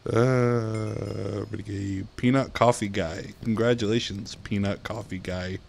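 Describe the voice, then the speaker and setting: A man's voice: lowish voice, fairly even intonation, slow pace, creaky, few pauses. A young man giving casual gameplay commentary, giggling and swearing at himself. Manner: giggly, self-mocking, swears often. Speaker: gaming YouTuber.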